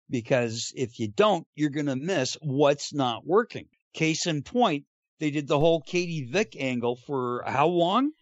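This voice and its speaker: A man's voice: on the high side, no echo, lo-fi sound. A man co-hosting a podcast, talking through points hesitantly with many ums and uhs. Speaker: podcast co-host. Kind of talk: casual podcast talk.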